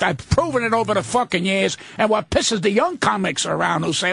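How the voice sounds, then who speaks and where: A man's voice: high-pitched, big pitch swings, a little slow, creaky, fairly bright tone, husky. An older man, a comedian guest on a radio talk show, ranting combatively and cursing freely.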